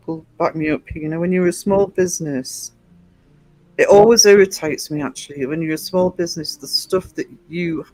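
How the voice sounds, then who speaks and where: A man hosting a casual livestream, rambling through viewer comments with lots of ums and restarts. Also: fairly high pitch. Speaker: livestream host and small publisher.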